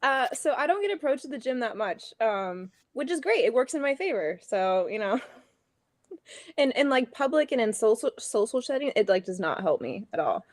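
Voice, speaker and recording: Young woman guest, a bit high voice, laughs a lot, dry close sound. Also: big pitch swings, moderate pace, no room sound. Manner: chatty, laughs often, tells anecdotes. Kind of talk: casual podcast chat.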